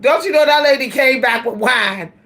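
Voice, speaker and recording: A woman vlogger telling a story in casual chat, animated and laughing, talking straight to her listeners. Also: high-pitched, moderate pace.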